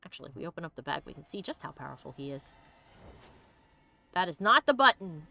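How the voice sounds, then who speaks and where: A woman's voice: low-pitched, very animated, quick pace, vocal fry, sharp tone, a little hiss or hum. A woman streamer giving casual gameplay commentary, bubbly and joking, laughing often and acting out the characters' lines. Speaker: let's play streamer.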